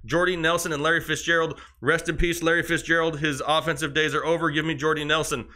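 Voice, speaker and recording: A young man co-hosting a live fantasy football stream, rattling off quick verdicts on lineup choices. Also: a little high, level tone, bright, forceful tone. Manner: quick verdicts, breathless run of picks. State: out of breath. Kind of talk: rapid-fire lineup advice on a live stream.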